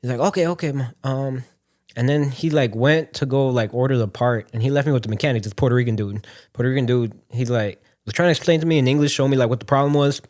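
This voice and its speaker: Young man, podcast co-host, rapid delivery, lively swearing storyteller. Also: medium pitch. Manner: animated, acts out quoted voices, swears freely. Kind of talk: casual storytelling chat.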